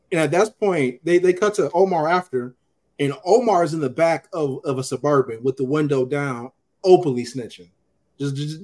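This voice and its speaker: A man on a casual podcast tells what happened in an episode. His voice sits a bit high, and he jumps into the characters' lines as he goes. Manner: animated storytelling, acting out characters' lines. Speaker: podcast host recapping a TV episode. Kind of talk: casual chat.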